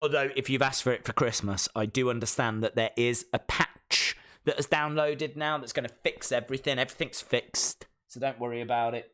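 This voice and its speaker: During a live watch-along reaction stream, a man with a medium-pitched voice chats a little fast. He's excitable, reading out viewer comments as he goes.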